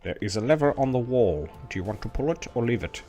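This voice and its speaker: A man giving playful live commentary while playing a retro role-playing game, muttering asides to himself and sometimes dropping to a hush. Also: mid-range voice, animated, quick pace, music in the background. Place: home streaming setup.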